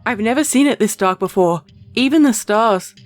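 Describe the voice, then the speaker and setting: Narrator doing a scared young wife, anxious, shaky delivery, faint music underneath. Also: female voice, fairly high pitch, expressive, normal speed, close to an everyday voice. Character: frightened young woman driving at night.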